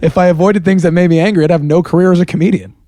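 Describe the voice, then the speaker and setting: Fast, ranting high-voiced comedian man. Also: fairly even intonation, mellow, no room sound. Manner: fast, ranting, sarcastic, swearing. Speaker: comedian co-host. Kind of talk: casual comic banter. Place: house.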